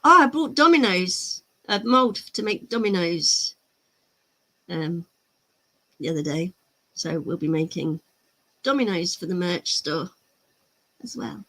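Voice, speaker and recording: Unhurried chatty woman streamer. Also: fairly low pitch, expressive, vocal fry, fairly bright tone. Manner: chatty, laughs easily, answers chat comments. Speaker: miniature-painting livestream host. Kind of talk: casual live-stream chat.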